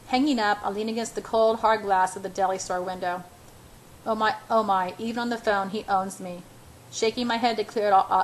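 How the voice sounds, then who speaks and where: A woman's voice: mid-range voice, a little hiss or hum, low-quality recording. A woman reading a first-person novel aloud in a casual, unpolished way, with restarts and self-corrections. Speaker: amateur audiobook reader.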